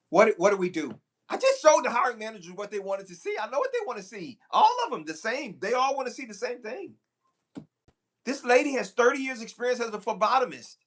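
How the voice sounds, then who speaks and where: A man, a recruiter, talking live to viewers in a preachy, animated way, repeating phrases for emphasis. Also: sits high. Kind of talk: live stream talk to viewers.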